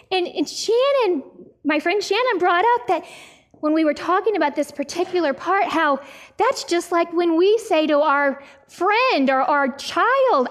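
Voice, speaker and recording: A middle-aged woman Bible teacher giving a passionate, pleading sermon with slow, emphatic delivery. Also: very high-pitched.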